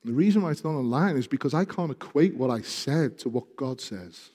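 A man's voice: medium pitch, expressive, fairly quick, breathy edge. Impassioned man preaching in a reverberant hall. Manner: impassioned preaching, rising loud when reading scripture. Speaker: pastor. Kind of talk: sermon.

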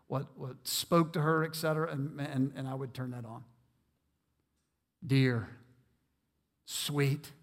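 In a church hall with long reverb, a male pastor with a high, slightly bright voice delivers an earnest, emphatic sermon, repeating words for effect.

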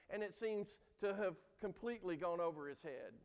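A man's voice: high voice, animated, normal speed, few pauses. A man preaching a sermon as pastor, earnest and emphatic, recorded in a church. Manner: earnest preaching, acts out quoted lines with rising emphasis. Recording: long hall reverb.

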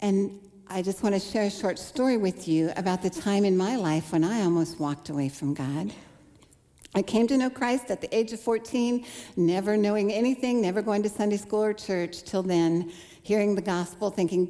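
A woman's voice: medium pitch, moderate pace, dark tone. A woman in her forties giving an earnest testimony sermon, acting out her own past thoughts as she tells the story. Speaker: speaker. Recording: long hall reverb.

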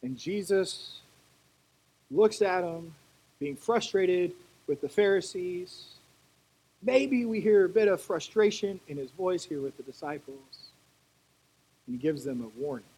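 A preacher giving a conversational sermon, animated and full of storytelling asides. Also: mid-range voice, unhurried, pauses often, husky, rough recording.

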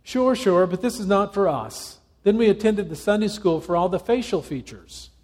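A hesitant, slow-speaking talking hand, as a male pastor reads it out, a church member in a storybook parable. His halting voice is slightly husky and mellow. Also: high voice, lively intonation, long reverb tail. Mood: explaining.

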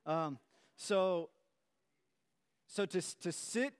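Smooth-voiced man preaching a sermon. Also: high-pitched, very slow. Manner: conversational preaching with playful storytelling. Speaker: pastor.

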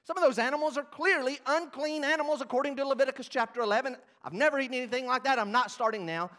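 A man's voice: extremely high pitch, fast talker, pushed and bright. A man preaching a sermon as pastor, animatedly acting out the scripture scenes he teaches.

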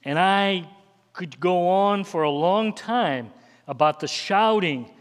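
A high-pitched man preaches slowly and earnestly, stacking up lists and turning to his congregation with plain questions. His voice rings out with a long hall reverb, as in a church sanctuary. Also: clear, resonant tone. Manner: earnest, conversational preaching with repeated lists and asides. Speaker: pastor. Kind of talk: sermon.

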